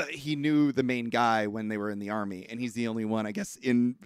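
Male podcast co-host, mid pitch, casual and chuckling, dry close mic. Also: steady tone, a little fast, smooth, no echo. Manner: laughs often, retells scenes in quotes. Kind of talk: casual film discussion chat.

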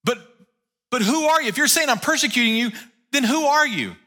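Indignant zealot, man doing the voice, bright and high, protesting hard. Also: expressive, a little fast, full character voice. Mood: urgent. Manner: protesting, self-justifying. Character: indignant zealous young male persecutor.

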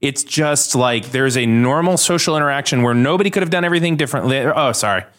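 A man's voice: mid-range voice, fast, a bit bright. Chatty man explaining a study. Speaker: podcast co-host. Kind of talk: casual chat.

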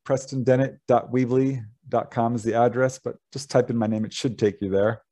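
A man guest on a podcast interview, animated and laughing often as he talks through his experiences. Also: medium pitch, moderate pace. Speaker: guest author.

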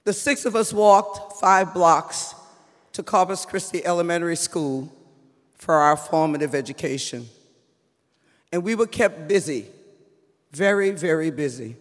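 A woman's voice: fairly low pitch, a little slow, pauses often. Woman, 70s, from New Orleans, live stage storyteller, long reverb. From New Orleans, USA. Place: theater stage.

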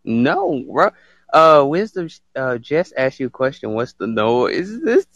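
A man hosting a casual live stream, excitable and slangy, laughing a lot. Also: medium pitch, unhurried, dry recording, muffled recording.

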